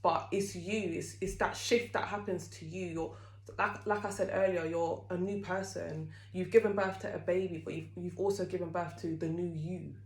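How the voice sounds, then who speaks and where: A woman's voice: on the low side, fairly even intonation, normal speed. Candid woman vlogging in an echoey room. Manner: chatty and candid, with many fillers. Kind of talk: candid talk to camera.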